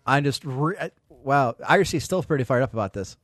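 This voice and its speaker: Fast-talking blunt male podcast host. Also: medium pitch, animated, no echo. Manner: blunt, scornful, swears freely. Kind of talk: casual podcast chat.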